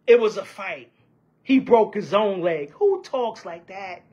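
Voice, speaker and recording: A woman's voice: medium pitch, animated, takes it slowly, mellow, breathy edge, lo-fi sound. A woman speaking out fiercely about union politics, piling up rhetorical questions and repeating her points. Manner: fiery, repetitive, rhetorical questions. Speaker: union member. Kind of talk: impassioned union-politics rant.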